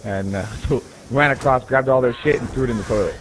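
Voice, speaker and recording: A man's voice: medium pitch, fast, low-quality recording. A man casually telling profane, rambling stories while gaming, often tossing in "right?". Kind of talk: casual storytelling.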